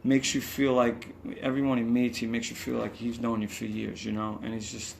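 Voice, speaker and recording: Ny musician guy rambling through stories, does the voices, swears some, low hum of noise. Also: moderate pace, gravelly. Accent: New York. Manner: rambling, animated, acts out quotes, swears. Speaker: musician guest. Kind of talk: casual storytelling interview. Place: hotel room.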